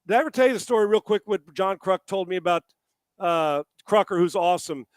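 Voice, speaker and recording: A man co-hosting a casual sports talk show, animated and profane, often stammering and restarting his sentences. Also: high voice, quick pace, smooth, dry recording. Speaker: sports analyst co-host.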